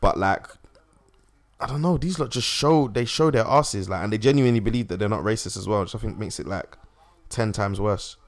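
A young man chatting casually, animated and swearing freely. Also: lowish voice, a little fast. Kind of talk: casual podcast chat.

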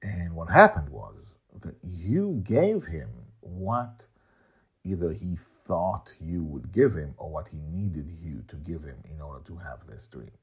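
A man's voice: low-pitched, sing-song, takes it slowly, breathy edge. A man reading his serialized story aloud, breaking off for chatty asides full of uhs. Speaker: storyteller and podcast host.

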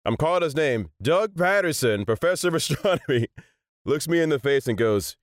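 A man in his thirties, a voice actor, telling stories in a casual chat, animated and laughing often. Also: fairly high pitch, normal speed, dry recording, studio quality. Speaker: voice actor guest.

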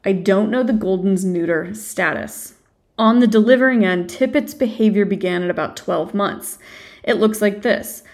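A woman's voice: mid-range voice, moderate pace, darkish tone. A woman hosting a dog training podcast, answering listener questions in a direct, assertive way. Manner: direct, assertive advice-giving.

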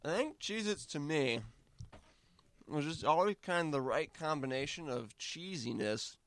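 A man's voice: on the high side, expressive, measured pace, a bit bright, dry recording. A man guest in a casual snack-tasting chat, rambling in a mock-serious way with hesitant restarts, talking with his mouth full while eating.

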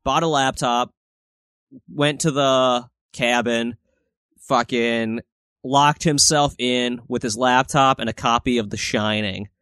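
A man's voice: mid-range voice, steady tone, slow pace, fairly bright tone, clean tone, no echo, clean studio sound. A man co-hosting a podcast in casual chat, rambling and swearing freely. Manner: crude, rambling, swears a lot. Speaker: podcast co-host.

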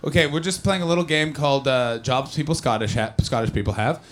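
A man's voice: medium pitch, fast talker, slight background noise. A man doing stand-up crowd work on a comedy club stage. He is brash and profane, and he teases audience members. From not from the UK.

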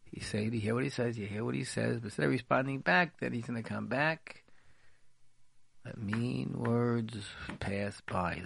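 Gravelly man repeating his advice. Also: medium pitch. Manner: repetitive, emphatic, repeats phrases. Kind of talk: radio talk, spoken advice.

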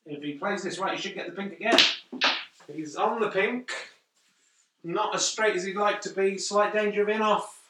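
A man giving deadpan, jokey mock snooker commentary. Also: high-pitched, moderate pace, very noisy. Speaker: comedian doing mock commentary. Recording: echoey room, mic at a distance.

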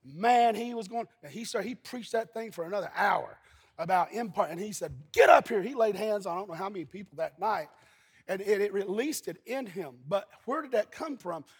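A pastor from Eastern Kentucky preaching a sermon, telling folksy stories and breaking into shouts. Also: male voice, high-pitched, lively intonation, a little fast. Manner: folksy storytelling, bursts into shouting. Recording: husky voice in a long-reverb hall.

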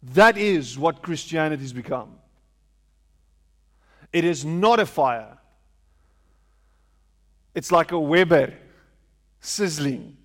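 A man preaching a sermon, repeating phrases for emphasis and asking rhetorical questions in a large hall. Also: fairly high pitch. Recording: long hall reverb.

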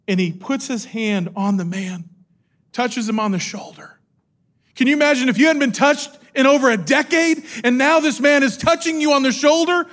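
A man's voice: very high-pitched, a bit bright. A middle-aged man preaching a sermon, telling the story with energy and acting out the quotes. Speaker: pastor.

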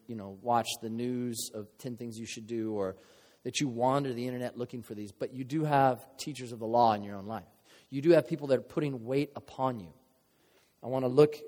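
A pastor preaches a sermon in an earnest, conversational style, with emotional moments and playful asides. His mid-range voice is mellow. The long reverb of a large hall colors the recording.

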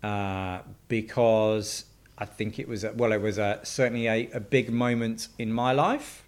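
A man's voice: lowish voice, steady tone, measured pace. A man co-hosting a podcast in casual chat, teasing his co-host and steering the conversation.

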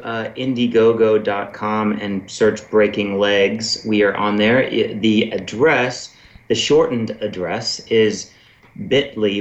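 A man, a guest filmmaker, speaking slowly and plainly in a casual interview. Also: fairly low pitch, reverberant, highs cut off.

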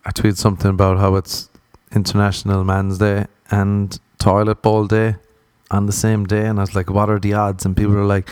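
Irish male stand-up, sweary ranting delivery, lower voice, close and dry. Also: fairly even intonation, normal speed, a little mellow, clean tone, dry recording. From Ireland. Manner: profane, ranting, acts out voices. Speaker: stand-up comedian. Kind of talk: stand-up comedy.

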